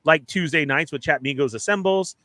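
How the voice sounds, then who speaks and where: A man co-hosting a live toy podcast in casual chat, upbeat and joking as he runs through plugs and shout-outs. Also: fairly high pitch, a little fast, dry recording.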